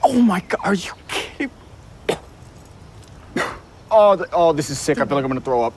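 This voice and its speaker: A young actor playing an outraged teenage older brother, shouting in disbelief in a TV drama scene. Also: male voice, a little high, big pitch swings, normal speed, slight background noise. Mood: shocked. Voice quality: shouting, incredulous. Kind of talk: TV drama acting.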